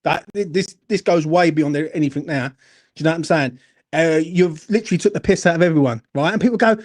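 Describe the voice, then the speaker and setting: Furious sweary man ranting fast. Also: fairly high pitch. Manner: angry, sweary, repeats "do you know what I'm saying". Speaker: fan channel host. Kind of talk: heated football fan rant.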